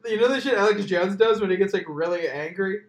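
Joking, rambling podcast host in an echoey room. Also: male voice, sits high, quick pace. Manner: profane, joking, rambling with many "like"s. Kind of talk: casual podcast chat.

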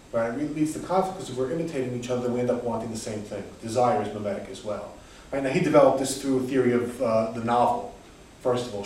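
An American man explains a theory at a conference, stopping and restarting his sentences as he goes. His voice sits at an ordinary pitch. He sounds far from the microphone, in a room with heavy echo. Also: a little mellow, slight background noise. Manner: hesitant, many restarts and fillers. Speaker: conference presenter. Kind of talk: academic talk with discussion. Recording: echoey room, voice far from mic.

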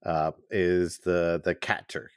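A man's voice: low-pitched, takes it slowly, a little hiss or hum. A man co-hosting a podcast, chatting casually about a film, laughing often and acting out quotes. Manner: animated, laughs often, acts out lines. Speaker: podcast co-host.

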